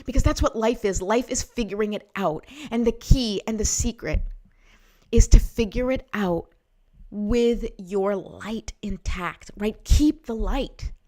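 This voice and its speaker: A woman's voice: mid-range voice, unhurried, warm tone. Woman doing a pep talk show, encouraging, keeps asking right?. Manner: encouraging, repeats "right?" to the listener. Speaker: host. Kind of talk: motivational talk.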